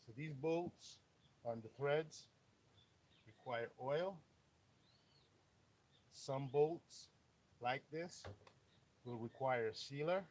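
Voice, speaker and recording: A man's voice: medium pitch, drawn-out words, pauses often, darkish tone, rough recording. A man streaming live as a mechanic, explaining engine work bluntly with joking asides. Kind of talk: live how-to stream, casual chat. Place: auto workshop.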